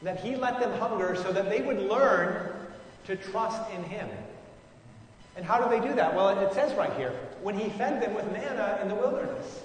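A man with a fairly high voice teaches scripture in a relaxed, musing way, often pausing and restarting his sentences. He sounds far from the mic in a long, echoing hall with faint background noise. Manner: informal, musing, frequent fillers and restarts. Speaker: Bible study leader. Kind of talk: conversational Bible teaching.

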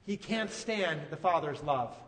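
A man preaching a sermon, retelling a story with animated, emphatic delivery. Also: a little high, unhurried, big-room sound, a little hiss or hum. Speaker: pastor.

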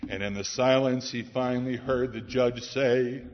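A man's voice: medium pitch, fairly even intonation, moderate pace, few pauses, slight background noise. Dramatic preacher man in a reverberant hall. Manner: dramatic, swings from loud to hushed. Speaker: pastor. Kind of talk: sermon. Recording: dull sound with long hall reverb.

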